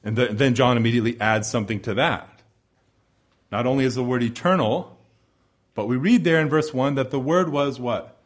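A man preaching a sermon, building emphatic repeated phrases and dropping to hushed low endings. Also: moderate pace. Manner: repetitive rhetorical build-ups.

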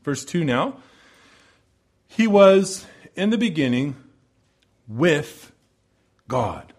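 Male preacher, slightly high voice, emphatic sermon delivery with hushed drops. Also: sing-song, drawn-out words. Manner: emphatic, swelling and dropping to hushed low phrases; repetitive rhetorical build-ups.

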